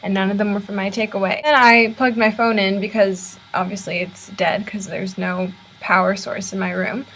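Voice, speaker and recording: A woman's voice: mid-range voice, steady tone, moderate pace, hardly any pauses, fairly bright tone, rough recording. Chatty American young woman vlogging. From United States. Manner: chatty, exasperated ranting. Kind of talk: casual vlog talk. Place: university room. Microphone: laptop built-in camera mic.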